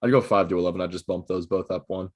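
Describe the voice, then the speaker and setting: A man's voice: low-pitched, fast. A young man co-hosting a casual podcast over a video call, steadily working through a list with "um" and "uh". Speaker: podcast co-host. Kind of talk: casual chat.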